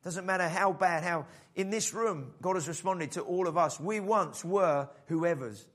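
A man preaching a sermon in an animated style, acting out the voices in the story. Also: high-pitched, a little slow. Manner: animated preaching, acts out the father's voice. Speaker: pastor.

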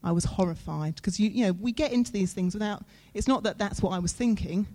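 Her voice mid-range, warm and mellow, a woman preaches to her listeners. The sermon unfolds in an earnest, conversational style, with plenty of dramatic pauses.

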